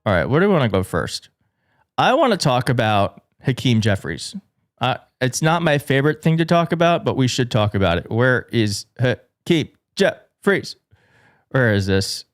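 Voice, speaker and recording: A man hosting a live political commentary show, excitable and jokey, often restarting his sentences. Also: medium pitch, moderate pace, faint music behind. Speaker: show host. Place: studio in a big city.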